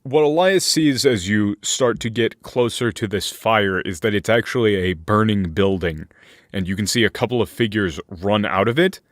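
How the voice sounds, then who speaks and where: A man running a tabletop game as game master, narrating slowly with fillers and restarts. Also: on the low side, no echo, studio quality. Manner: slow, hesitant narration with many fillers.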